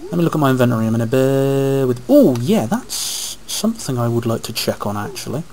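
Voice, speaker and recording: A man's voice: mid-range voice, expressive, fairly quick, darkish tone, a little hiss or hum, low-quality recording. A man giving rambling, casual commentary over his gameplay, talking to himself, recorded on a webcam microphone. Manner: rambling, chatty, talks to himself while playing. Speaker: let's play host.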